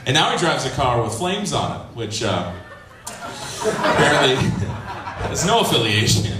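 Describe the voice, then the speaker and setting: A man's voice: medium pitch, big pitch swings, unhurried, heavy background noise. A man performing a stand-up comedy set, loose and rambling, chuckling at his own jokes. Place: comedy club stage, live audience. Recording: roomy club recording from a distance, loud crowd.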